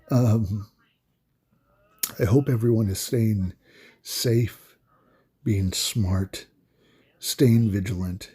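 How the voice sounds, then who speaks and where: Soft-spoken man with a husky voice. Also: fairly low pitch. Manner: halting, soft-spoken, many fillers. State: emotional, voice breaking. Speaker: card game streamer. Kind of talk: casual gameplay commentary.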